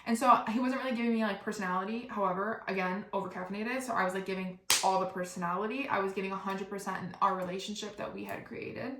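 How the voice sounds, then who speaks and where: A woman hosting a podcast, rapidly telling a comic story with lots of casual swearing and oversharing. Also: medium pitch, fairly even intonation, reverberant, noisy background. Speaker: podcast host. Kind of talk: comedic storytelling.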